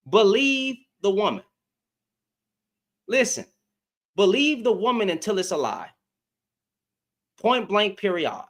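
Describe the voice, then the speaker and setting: A man's voice: high-pitched, big pitch swings, takes it slowly, long pauses, fairly bright tone. A man hosting a casual livestream, talking straight to his chat with a lot of repetition and taunting. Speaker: livestream host. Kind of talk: casual live-stream commentary.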